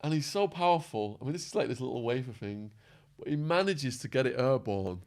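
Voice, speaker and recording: A man telling prison stories as a podcast guest, acting out quotes and laughing, his voice going hoarse. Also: mid-range voice, a little fast. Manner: animated storyteller, acts out quotes, laughs. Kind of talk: storytelling interview.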